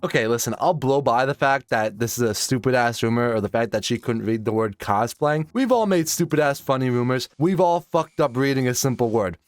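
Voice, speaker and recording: A man's voice: medium pitch, expressive, brisk, hardly any pauses, no echo. A young man doing comedic reaction commentary, exasperated and sarcastic, swearing through his rants. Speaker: commentary YouTuber.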